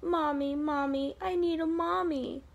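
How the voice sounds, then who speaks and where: A woman's voice: high-pitched, big pitch swings, takes it slowly, muffled recording, full character voice. A woman voicing a lonely little boy bird in a storybook, asking in a pleading voice. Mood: tearful. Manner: pleading, cries out each question.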